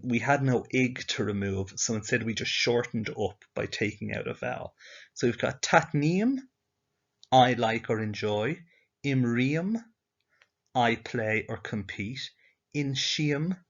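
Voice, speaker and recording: A man's voice: mid-range voice, measured pace, fairly bright tone. A male teacher giving a slide-based language lesson, explaining patiently step by step and asking the learner questions. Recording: dull lo-fi audio.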